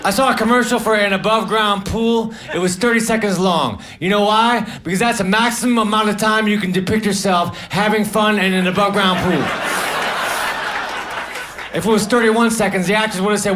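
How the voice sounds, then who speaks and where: A man doing a live stand-up routine, delivering short one-liners in a deadpan manner. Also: high-pitched, fairly quick. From United States. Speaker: stand-up comedian. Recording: noisy live recording. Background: audience laughter.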